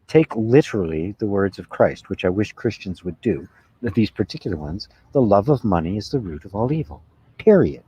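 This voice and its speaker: Mellow, husky-voiced man in a lo-fi recording. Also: on the low side. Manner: reflective, frequent "right?" and soft laughs. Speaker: spiritual teacher. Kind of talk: satsang talk. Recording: dull lo-fi sound.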